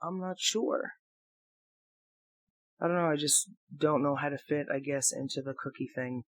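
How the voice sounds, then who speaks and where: Slow, halting man thinking out loud. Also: on the high side. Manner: halting, self-questioning, swears freely. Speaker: audio blogger. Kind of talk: rambling reflective monologue. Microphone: talking into a microphone.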